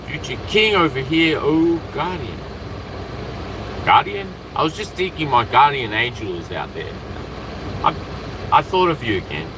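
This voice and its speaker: Casting: animated Australian guy, rambling vlog chat, street noise and traffic behind. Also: medium pitch, unhurried, pauses often. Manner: excitable, animated, jumps between topics. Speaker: vlogger. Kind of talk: rambling outdoor chat to camera.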